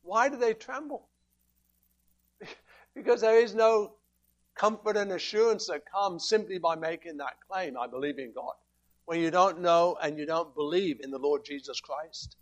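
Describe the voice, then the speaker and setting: A man with a high voice preaches a sermon. He is emphatic and steady, often asking rhetorical questions and quoting scripture as he explains his point. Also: a little slow, dull audio.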